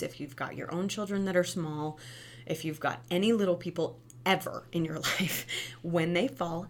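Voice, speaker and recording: A woman who used to teach preschool, giving casual parenting advice in a lively, conversational way and often asking "right?". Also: vocal fry, a little hiss or hum. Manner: animated, acts out quoted kids and parents with big pitch jumps.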